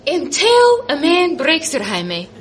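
A woman voicing a blunt, dismissive female clinic nurse who lectures flatly, inside a comic story told to a live crowd. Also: sits high, slow pace, heavy background noise, full character voice.

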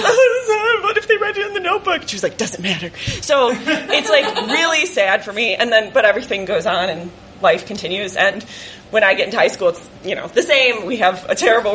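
A woman in her twenties telling a personal story live on stage, animated and laughing often as she acts out family voices. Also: medium pitch, a little fast, slight background noise.

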